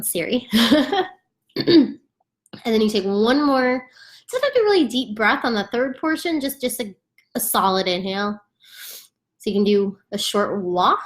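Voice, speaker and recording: A woman teaching a chant to beginners in a casual, chatty way at home, often laughing and demonstrating the sounds. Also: medium pitch. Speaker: yoga instructor. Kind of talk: casual instructional talk.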